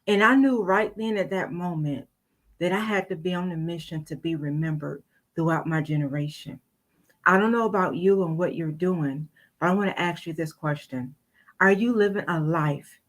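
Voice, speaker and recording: An older woman speaking as a guest on a virtual summit, earnest and rhetorical, putting question after question straight to her listeners. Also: medium pitch. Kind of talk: motivational talk.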